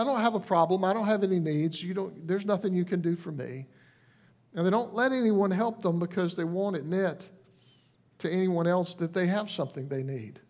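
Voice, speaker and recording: A man's voice sitting high carries a conversational sermon, earnest and gentle in tone. The pastor frequently starts phrases over and slips softly into quoted lines.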